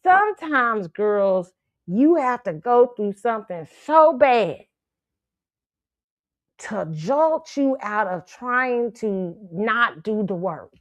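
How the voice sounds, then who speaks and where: Animated, laughing woman host, dry sound. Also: on the high side, slow pace, dry recording. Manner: animated, profane, laughs often. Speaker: show host. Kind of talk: casual storytelling monologue.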